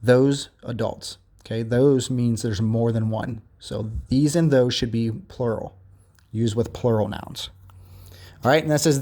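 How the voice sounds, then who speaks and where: A man's voice: medium pitch, a little mellow. Patient man teaching a grammar lesson. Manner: patient, slow and repetitive explanations with frequent "okay?" checks. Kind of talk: remote grammar lesson, reading aloud from a workbook.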